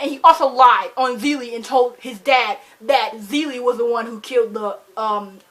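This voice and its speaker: A young woman from Michigan with a slightly high voice retells a fantasy plot in a loose, excited ramble. She is a book vlogger talking straight into her camera's mic, full of fillers and dramatic asides. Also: normal speed, few pauses. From Michigan, USA. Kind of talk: casual book review ramble.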